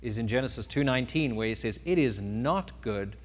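A male pastor delivers a sermon in a mid-range voice, swinging between loud, emphatic lines and quieter ones as he tells a story. His voice rings out with the long reverb of a church hall. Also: mid-range voice, fairly quick. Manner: storytelling, lively rises and drops in loudness.

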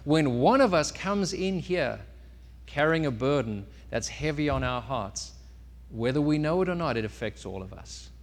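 A man giving a sermon as pastor, telling a story with sudden rises and drops in loudness. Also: a little high, lively intonation, normal speed. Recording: long reverb of a church hall.

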